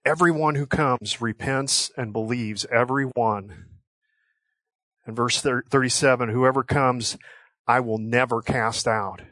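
A man preaching a sermon in an earnest, measured way, slowing down to stress quoted scripture. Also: mid-range voice, steady tone, bright, forceful tone, no room sound, clean studio sound. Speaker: pastor.

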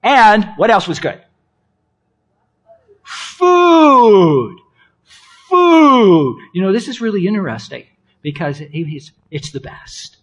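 A man preaching a sermon in an animated, playful way, swinging between loud exclamations and hushed asides. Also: high-pitched, normal speed, breathy edge. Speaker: pastor.

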